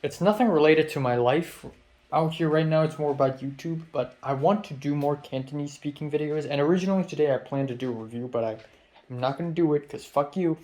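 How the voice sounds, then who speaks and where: A man's voice: a little high, a little fast, dark tone. A young man from Hong Kong vlogging in a casual, rambling rant, swearing a lot and restarting his sentences. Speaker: YouTube vlogger.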